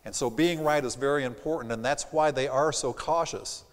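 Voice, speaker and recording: A man giving a live seminar on sales and personality styles, with a slight Southern accent, animated and acting out his customers' lines. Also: medium pitch, moderate pace. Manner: animated, acts out quoted customers. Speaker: sales trainer. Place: theater stage. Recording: reverberant theater hall.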